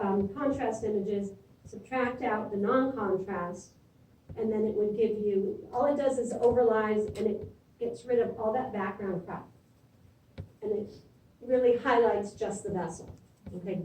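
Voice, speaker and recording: A woman's voice: mid-range voice, normal speed, mellow, slight background noise. A middle-aged woman teaching a classroom lecture in a conversational way, often checking in with "okay?". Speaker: imaging instructor. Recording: echoey room from far off.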